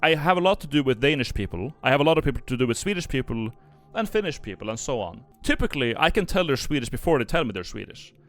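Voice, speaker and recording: A man's voice: mid-range voice, sing-song, fast talker. A young Norwegian man giving casual stream commentary, rambling with many fillers and restarts. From Norway.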